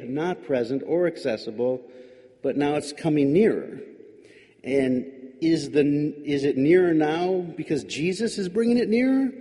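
Guy preaching, thinking out loud w/ wry questions, mellow tone, big echoey hall. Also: on the high side. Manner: musing, questioning, wry asides. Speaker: pastor. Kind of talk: reflective sermon. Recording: long hall reverb.

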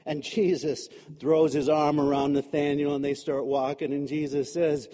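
A man's voice: on the high side, flat delivery, moderate pace, few pauses, dark tone. A man preaching a sermon in a loose, chatty way, joking often and leaning on "you know". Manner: chatty and humorous, many fillers like "you know". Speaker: pastor. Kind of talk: conversational sermon. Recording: echoey hall.

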